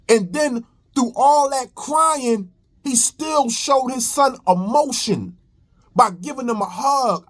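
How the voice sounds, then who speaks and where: A man's voice: very high-pitched, slow. A young man commenting on a reaction video in a preachy, emphatic way, repeating phrases. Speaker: commentary host.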